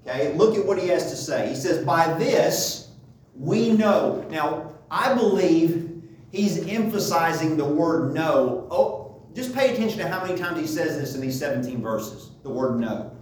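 A man's voice: a little high, lively intonation, moderate pace, a little mellow, a little hiss or hum. A man teaching a Bible study lesson, asking rhetorical questions and checking in with his listeners as he goes. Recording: echoey room, voice from far off.

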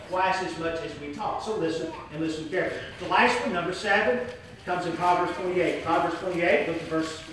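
Male preacher with a high voice. Emphatic and repetitive delivery, recorded from far off in a roomy church. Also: noisy background. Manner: emphatic, repeats key phrases, jokes with the congregation. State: hot and sweating. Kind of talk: sermon. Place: large church hall. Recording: echoey hall, voice from far off.

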